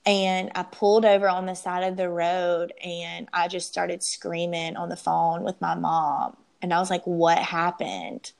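A young woman telling her personal story as an interview guest, emotional and halting, often restarting her sentences. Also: fairly low pitch, flat delivery, gravelly, clean tone.

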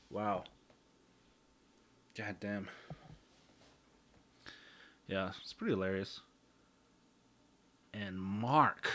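A man hosting a solo podcast in a rambling, profane way, often mocking himself with quick jokes. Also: on the low side, a bit bright, a little hiss or hum. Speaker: podcast host. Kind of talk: casual solo podcast chat.

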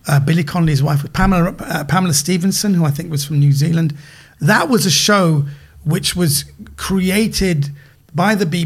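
A middle-aged man with a British accent, an animated guest comedian chatting on a podcast who repeats words as he gets going. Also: fairly high pitch, husky. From Britain. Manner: animated storyteller, repeats words when excited. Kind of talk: casual podcast chat.

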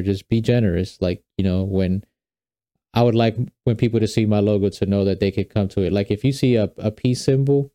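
A man's voice: on the low side, dark tone, no echo. A young man hosting his own podcast, talking casually and rambling with fillers and restarts. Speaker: podcast host. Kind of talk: casual solo podcast talk.

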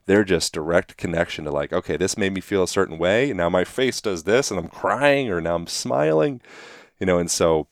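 A man talking as a guest in a relaxed conversational way, full of "you know" fillers and quick acted-out examples. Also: low voice, no echo, clean studio sound. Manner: animated, acts out quick voiced examples.

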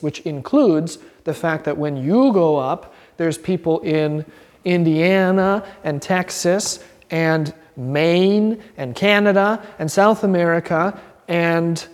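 A man's voice: on the high side, unhurried. Earnest man teaching in an echoing hall. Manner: earnest, animated, with vivid quotes and restarts. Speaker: pastor teaching a class. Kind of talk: informal Bible class teaching.

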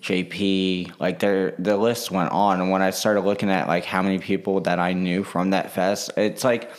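A man's voice: deep voice, little pitch movement, moderate pace. A man in a casual vlog monologue, rambling with lots of fillers and restarts.

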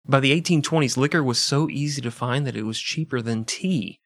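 Man, from the Midwest, deadpan, crude, podcast storyteller, mid pitch, dry mic. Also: brisk, no echo. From American Midwest. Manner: deadpan, crude absurd tangents. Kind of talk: casual comedic history podcast.

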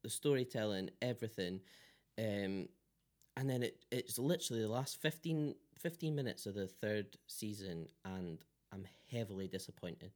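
A man's voice: lowish voice, lively intonation, normal speed, darkish tone. A man co-hosting a podcast in casual chat, jokey and rambling, trailing off into filler words. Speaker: podcast co-host.

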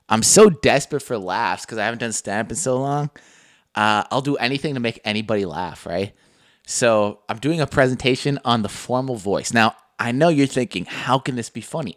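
A young man, in a mid-pitched voice, recorded close and dry. He tells stories in a joking, casual way and swears easily. He often retells things in other people's voices. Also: a bit bright, dry recording. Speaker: podcast co-host. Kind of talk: casual chat.

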